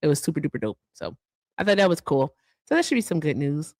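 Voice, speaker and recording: A woman's voice: deep voice, big pitch swings, quick pace, darkish tone, no echo. A woman co-hosting a livestream show, chatting casually and reading out viewer thank-yous with asides. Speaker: livestream co-host.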